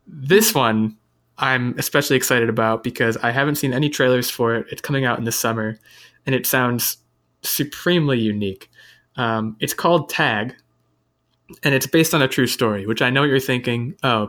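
A man hosting a casual chat, running through upcoming movies from an article with a relaxed delivery full of fillers. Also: mid-range voice, normal speed. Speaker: host.

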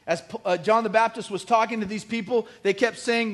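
Middle-aged man, pastor delivering a lively sermon; fairly high voice, jokes, builds to loud bursts. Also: fast, hardly any pauses. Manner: animated, joking preacher with rising emphatic bursts.

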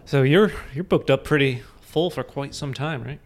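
A man's voice: mid-range voice, moderate pace. A man hosting a casual interview, asking short questions and laughing along. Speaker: interview host.

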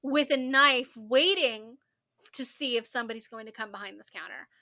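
Bright-voiced young woman telling a story. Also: a little high, moderate pace. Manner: emphatic, repetitive, swears casually. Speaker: podcast co-host. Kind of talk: casual storytelling chat.

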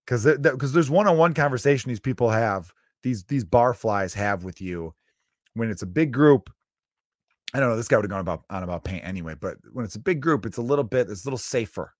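A podcast host in his thirties rambles through a story, swearing freely and poking fun at himself. His voice sits on the low side. The sound is dry and close, with no room echo. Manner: profane, rambling, self-mocking. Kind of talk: casual comedic monologue.

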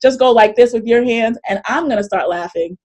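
A middle-aged woman hosting a live online workshop over a video call, chatty and animated, often laughing and reading chat comments aloud. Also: on the high side, a little fast. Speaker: coach and webinar host.

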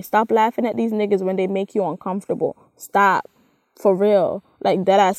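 A woman's voice: mid-range voice, mellow, no room sound. A young woman co-hosting a podcast, talking bluntly and profanely in casual chat, laughing often. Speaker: podcast co-host.

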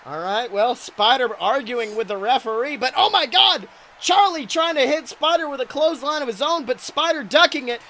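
A man voicing a crude, excitable wrestling announcer who calls the action in profane play-by-play. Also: very high voice, normal speed, hardly any pauses, full character voice. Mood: excited. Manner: profane, excitable, shouts big moves. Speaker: wrestling commentator character. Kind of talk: comedic play-by-play commentary.

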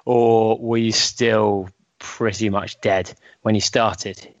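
A man's voice: lowish voice, flat delivery, slow pace, no echo. A man interviewing a guest, asking curious, teasing questions. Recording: dry, dull lo-fi recording.

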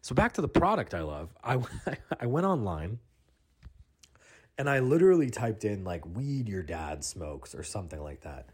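A man's voice: medium pitch, huge pitch swings, normal speed, husky. A young man hosting a comedy podcast, telling a rambling, profane story full of restarts and "you know what I mean".

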